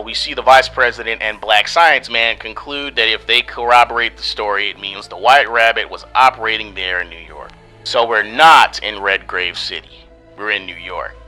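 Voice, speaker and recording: A man's voice: mid-range voice, sharp tone, low-quality recording. A man hosting a review show, delivering scripted commentary in an exasperated, sarcastic tone full of rhetorical questions. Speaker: host and reviewer.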